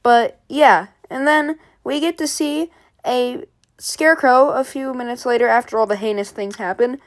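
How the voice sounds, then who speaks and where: A woman with a fairly high voice, chatting through a comic book story as she retells it scene by scene. Her delivery is casual and animated. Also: moderate pace.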